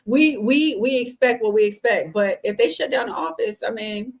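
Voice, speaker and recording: A woman from the United States co-hosting a casual chat, relaxed and quick to laugh and back up her co-host. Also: on the high side. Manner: relaxed, laughing, supportive interjections. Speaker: podcast co-host.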